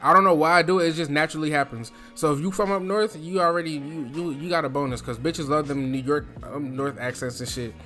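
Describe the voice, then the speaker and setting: A man's voice: on the high side, fast, few pauses, bright, forceful tone, faint music behind. A young man from New Jersey giving casual advice in a loose, slangy, chatty way, speaking from his throat.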